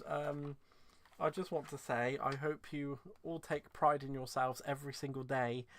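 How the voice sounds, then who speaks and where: A man hosting a live craft stream, close to tears and speaking with rambling, heartfelt warmth. His pitch sits in an ordinary middle range. The recording is dry and close, with no room sound. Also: no room sound. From England. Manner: rambling and heartfelt, laughing through restarts. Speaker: craft channel host. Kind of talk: live-stream sign-off chat.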